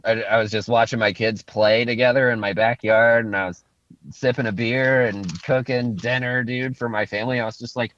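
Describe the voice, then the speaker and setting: A man's voice: mid-range voice, fairly even intonation, moderate pace, fairly bright tone, dry recording. A man in his thirties co-hosting a casual podcast, goofy and swearing freely, often slipping into joke voices. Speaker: podcast co-host. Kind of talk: casual chat. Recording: dull lo-fi dry sound.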